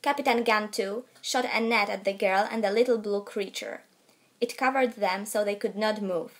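A teenage girl narrating a storybook in a steady, careful read. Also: medium pitch, moderate pace. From Poland. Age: late teens. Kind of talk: student audiobook narration.

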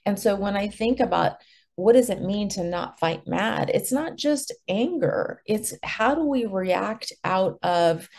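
A woman's voice: mid-range voice, expressive, measured pace, a little mellow. A middle-aged woman speaking as a guest in a conversational podcast interview, reflective and earnest. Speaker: guest, martial arts master and author.

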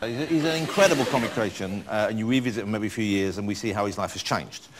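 A man hosting a chat show, playful, teasing and animated with his guest. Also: lowish voice, very fast, background noise. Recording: loud studio audience.

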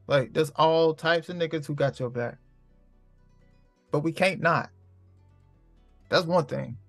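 A man's voice: on the high side, takes it slowly, gravelly, no room sound, soft background music. A man hosting his own show in a casual, profane monologue full of street slang, preaching and repeating lines for emphasis. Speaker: host.

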